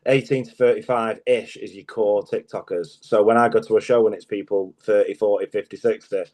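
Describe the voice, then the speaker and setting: A man's voice: fairly low pitch, steady tone, fairly quick, darkish tone. A middle-aged man, a guest comedian, chatting casually in an interview, telling stories, laughing often and swearing freely.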